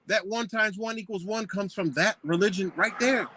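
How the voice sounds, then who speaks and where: A man's voice: high-pitched, moderate pace, bright, forceful tone, a little hiss or hum. A man ranting in a scornful, profane commentary, mocking what he reads and firing off rhetorical questions. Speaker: commentator reacting to a book.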